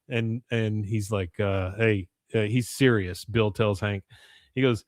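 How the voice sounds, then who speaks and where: A man's voice: fairly low pitch, steady tone, a little slow, dry recording, clean studio sound. A man hosting a podcast in casual chat, retelling scenes and quoting characters' lines with frequent laughter. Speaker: podcast host recapping an episode.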